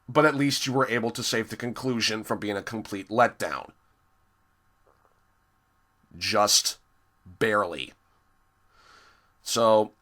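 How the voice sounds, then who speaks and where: Slow-talking exasperated man with a bright voice. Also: mid-range voice. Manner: exasperated and profane, with heavy sighs. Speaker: episode reviewer. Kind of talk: ranting review monologue.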